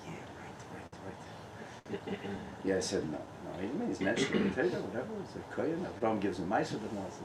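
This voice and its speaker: A man, a rabbi, giving a lively Torah talk at a gathering, mixing in Hebrew and Yiddish terms and laughing often. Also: on the low side, very fast, hardly any pauses, heavy background noise. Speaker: rabbi, guest speaker. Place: tent. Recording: echoey and distant room sound.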